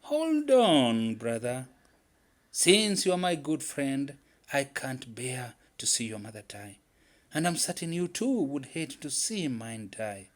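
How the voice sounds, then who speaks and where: Taking it slowly, a man performs a scheming, excitable male squirrel trickster from a folktale. The voice he gives it is shrill and emphatic.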